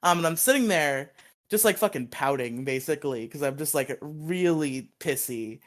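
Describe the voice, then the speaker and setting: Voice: mid-range voice, animated, moderate pace. Young podcast co-host, under 21, rambling storyteller with loose casual delivery and frequent swearing. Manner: rambling, swears freely, laughs often.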